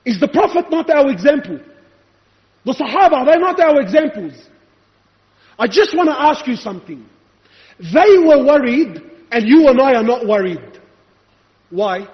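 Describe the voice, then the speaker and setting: A man's voice: very high voice, very animated, normal speed, long pauses. A male preacher giving an impassioned, rhetorical sermon, challenging his listeners. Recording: echoey hall, dull lo-fi sound.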